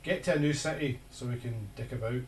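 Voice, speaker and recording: A man's voice: medium pitch, fairly quick, slight background noise. A man casually commenting, wry and sweary, while reviewing old tour footage. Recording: roomy, distant mic under loud music.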